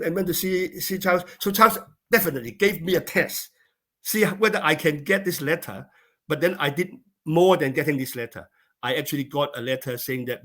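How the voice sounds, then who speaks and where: Man with a halting storytelling voice. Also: a little high. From China. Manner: animated anecdotes with many repeated words and fillers. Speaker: interview guest. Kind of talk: storytelling in conversation.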